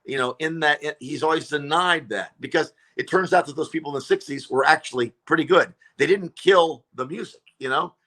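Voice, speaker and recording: A man's voice: fairly high pitch, fairly quick, hardly any pauses. A comedian telling a story in casual chat, acting out the people he quotes. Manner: animated, acts out quotes. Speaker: comedian guest.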